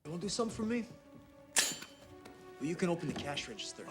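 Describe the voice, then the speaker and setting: A man's voice: a little high, very animated, quick pace, breathy edge, dry recording, studio quality, exaggerated voice. A man in a played film clip, speaking in a menacing way, with music behind him.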